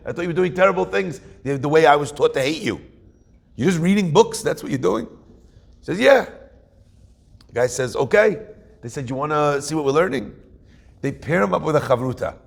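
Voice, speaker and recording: Rabbi guy storytelling, kinda high gravelly voice, jumps into the characters' lines. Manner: animated storyteller acting out dialogue. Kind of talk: storytelling Torah class.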